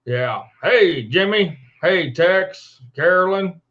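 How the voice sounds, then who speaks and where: A man hosting a casual livestream from home at his computer, greeting viewers by name in a folksy, unhurried way after a day of working cattle. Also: high voice, expressive, a bit bright, lo-fi sound. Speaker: livestream host. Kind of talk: casual live-stream chat.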